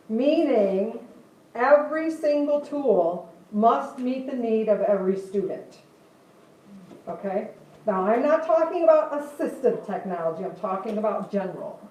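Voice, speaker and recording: A woman's voice: a little high, animated, moderate pace, darkish tone. An older woman giving a chatty guest talk to a class, laughing often and putting questions to the audience. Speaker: guest speaker. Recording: echoey room, voice heard from a distance.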